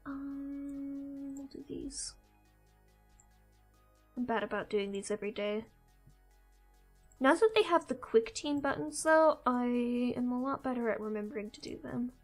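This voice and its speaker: A woman with a high, light voice hosts a live stream in an easy, rambling chat. She drops casual swears and keeps talking as she goes along. Soft music runs quietly behind her. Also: measured pace, long pauses, poor audio.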